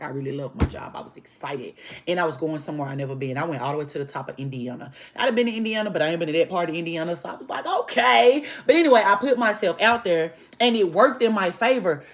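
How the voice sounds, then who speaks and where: Young woman trucker ranting storytime to y'all, acts out every line, lowish voice. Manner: animated, profane, acts out dialogue, addresses "y'all". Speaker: truck driver, vlogger. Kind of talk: casual storytime monologue to viewers.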